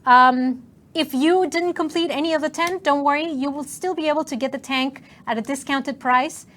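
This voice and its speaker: A woman's voice: sits high, fairly even intonation, normal speed, a bit bright. A woman co-hosting a game stream in casual, upbeat chat.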